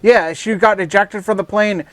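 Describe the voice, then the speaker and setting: A man's voice: high-pitched, steady tone, normal speed, a crowd in the background. A man in casual chat, cracking jokes and chiming in. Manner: jokey, chimes in with wisecracks. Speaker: podcast co-host.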